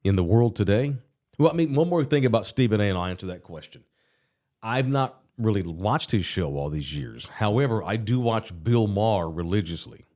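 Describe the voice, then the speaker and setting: A man's voice: lowish voice, moderate pace. Middle-aged man telling a wry story. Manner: relaxed, anecdotal, wry. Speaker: podcast host. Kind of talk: casual podcast chat and storytelling.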